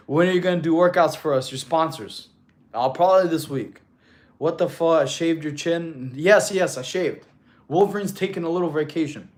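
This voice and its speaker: Laid-back man in his thirties, fairly high voice. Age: 30s. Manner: laid-back, reads chat aloud, calls people bro. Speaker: fitness streamer. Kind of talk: casual live-stream chat reading.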